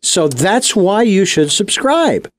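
A male co-host chimes in playfully during casual studio banter. His voice sits fairly high for a man and moves with lively, animated intonation. He talks into a mic in a radio studio. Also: slow.

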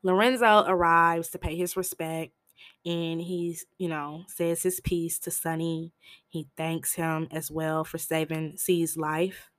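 A woman hosting a podcast, giving a casual, chatty recap of a film with animated asides. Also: low-pitched, slow, dry recording. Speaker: podcast host reviewing a film.

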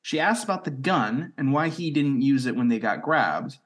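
Man, podcast co-host, animated pitch, casual plot recap. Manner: recaps plot in a quick storytelling way. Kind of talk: casual chat.

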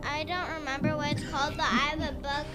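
A woman playing along as a contestant on a trivia show, eager and loud. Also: sits high, level tone, fast, loud music behind the voice. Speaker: guest contestant.

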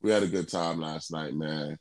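Pria bersuara berat dan serak. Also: male voice, rumbling low, steady tone, moderate pace, darkish tone. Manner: laid-back, rambling with fillers. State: congested, under the weather. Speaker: podcast co-host. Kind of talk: casual chat.

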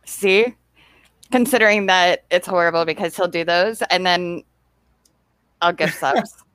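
This woman hosts a casual chat in a lowish voice, chatty and upbeat and quick to laugh. Her voice sounds dry and close to the mic. She talks easily to both her viewers and her friends. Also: a bit bright, clean tone, no echo.

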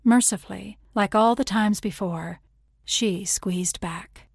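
Slow, husky woman audiobook narrator. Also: medium pitch, no echo, clean studio sound. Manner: measured, intimate, drops to whispers on tender passages. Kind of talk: first-person literary audiobook narration.

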